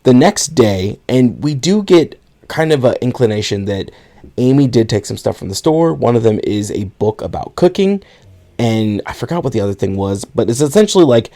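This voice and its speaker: A man's voice: medium pitch, big pitch swings, normal speed, mellow. A man co-hosting a podcast, recapping a film plot in a rambling, casual way, swearing and laughing now and then. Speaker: podcast co-host.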